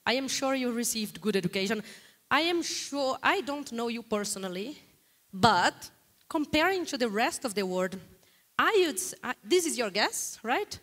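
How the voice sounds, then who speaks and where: A woman from Brazil with a Brazilian Portuguese accent, giving a lively guest lecture in a hall and putting frequent questions to the audience. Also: on the high side, normal speed. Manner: animated, questions the audience often.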